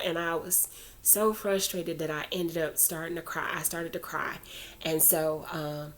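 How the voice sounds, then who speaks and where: Low-voiced woman telling a rambling story. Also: fairly even intonation, measured pace. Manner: rambling, chatty, full of asides and fillers; earnest, preachy when urging prayer. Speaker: vlogger telling a personal faith story. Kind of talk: casual storytelling to camera.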